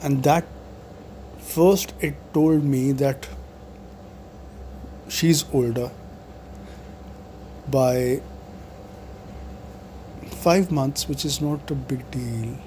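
A man's voice: medium pitch, very slow, pauses often, dark tone, a little hiss or hum. A man in his forties, talking to camera in a meandering monologue full of fillers and restarts. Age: 40s. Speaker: video blogger.

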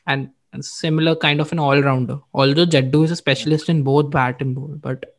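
A man with an Indian English accent talks cricket in a relaxed, chatty way, his voice sitting a little high. He mixes Hindi words into his English as he tells match stories with animation. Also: fairly quick, a crowd in the background. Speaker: podcast co-host. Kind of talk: casual cricket chat.

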